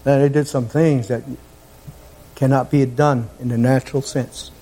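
A man preaching a fervent sermon, repeating his phrases and climbing toward near-shouts. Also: medium pitch, fairly even intonation, normal speed.

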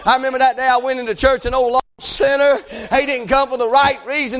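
A man preaching a fiery revival sermon, chanting and crying out in rising, shouted bursts. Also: extremely high pitch, fairly quick, hardly any pauses.

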